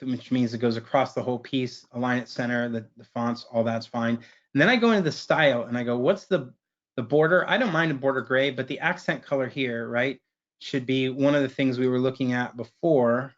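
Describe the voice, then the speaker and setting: A man's voice: medium pitch, moderate pace. Man, webinar presenter, casual screen-share walkthrough, slightly muffled audio. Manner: casual, keeps asking "right?". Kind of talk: screen-share software demo.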